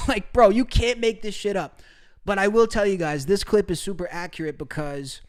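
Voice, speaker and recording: A young man chats casually with his live-stream audience in a high-pitched, animated voice at a moderate pace. He laughs a lot, curses, and calls viewers bro in crude, brotherly slang.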